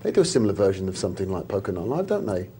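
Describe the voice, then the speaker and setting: Lively man in jokey banter. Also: low voice, very fast, a little hiss or hum. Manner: jokey, rambling, mock-indignant. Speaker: co-presenter of a live poker show. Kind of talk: live TV studio banter.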